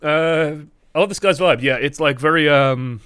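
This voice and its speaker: A man streaming and chatting casually about a game, animated and full of "like" fillers. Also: on the high side, normal speed, slight background noise. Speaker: gaming streamer. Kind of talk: casual gaming chat.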